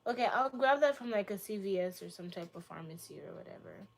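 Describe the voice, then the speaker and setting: A woman's voice: mid-range voice, lively intonation, fairly quick, creaky. A young woman from Boston, a livestreamer chatting casually with her chat, playful, teasing and crude in her jokes. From Boston, United States.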